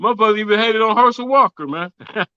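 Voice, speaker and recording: A man's voice: high voice, quick pace, lo-fi sound, heavy background noise. A man co-hosting a podcast, joking and cutting in with profane remarks in casual chat. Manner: profane, jokey, interjecting. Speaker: podcast co-host.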